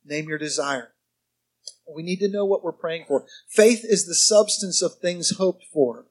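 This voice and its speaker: A man's voice: fairly high pitch, a little slow, slightly rough. A male pastor preaching a sermon in a conversational, humorous way, often quizzing his congregation.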